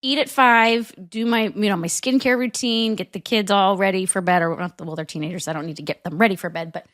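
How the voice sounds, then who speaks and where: A woman's voice: medium pitch, fairly even intonation, quick pace, a bit bright, no echo, studio quality. A woman in her forties co-hosting a podcast, chatting casually and playfully and laughing often. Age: 40s. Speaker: podcast co-host. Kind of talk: casual chat.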